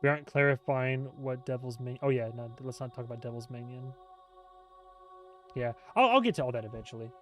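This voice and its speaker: A man hosting a casual livestream chat as a TV show reviewer, rambling and joking, quick to laugh. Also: mid-range voice, fairly bright tone, faint music behind. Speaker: YouTube host, TV show reviewer.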